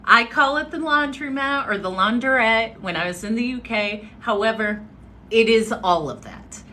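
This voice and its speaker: Woman chatting on a live, slow and dramatic, bright tone, goes loud then quiet. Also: fairly high pitch. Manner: animated, dramatic swings between loud and hushed. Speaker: social media host. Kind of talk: casual storytelling on a livestream.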